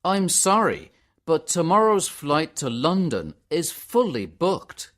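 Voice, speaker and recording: A man's voice: on the high side, very animated, slow pace, fairly bright tone, voice pushed up, exaggerated voice. A man reading a story aloud, voicing an apologetic, sympathetic male ticket clerk.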